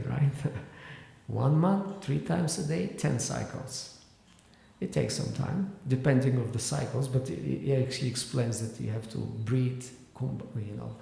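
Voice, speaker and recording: Gravelly man lecturing in an echoey hall. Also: medium pitch, mellow. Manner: explanatory, halting with fillers and restarts. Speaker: spiritual teacher. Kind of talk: scripture class lecture. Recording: echoey hall with long reverb.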